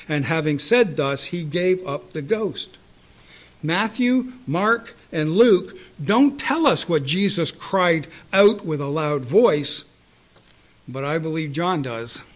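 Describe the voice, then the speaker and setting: A man with a fairly high voice preaches at a slow, deliberate pace. He swings from loud, ringing cries down to quiet, hushed asides and keeps asking his listeners rhetorical questions. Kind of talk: sermon.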